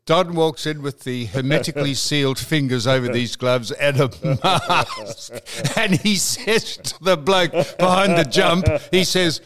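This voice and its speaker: An older Australian man hosting a talk show, telling stories in an animated, teasing way and mimicking the people in them. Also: on the high side, unhurried, a crowd in the background. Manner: animated, teasing, retells with quoted voices. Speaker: radio host. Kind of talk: banter and storytelling.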